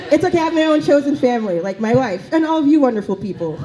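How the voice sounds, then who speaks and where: A woman's voice: high-pitched, expressive, quick pace, background noise. A woman doing a stand-up comedy set in a small cafe, chatty and full of fillers and asides.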